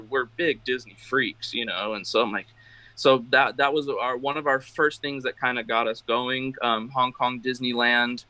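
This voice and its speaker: A man's voice: medium pitch, sharp tone, dry recording, low-quality recording. A man, a guest drum maker, talking casually in an interview with many fillers and restarts.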